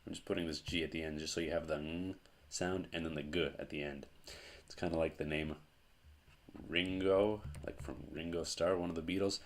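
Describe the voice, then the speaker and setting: A man teaching a language lesson at a board, explaining slowly with pauses and restarts. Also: rumbling low, steady tone, slight background noise. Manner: slow, halting explanations with fillers and restarts. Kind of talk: whiteboard lesson.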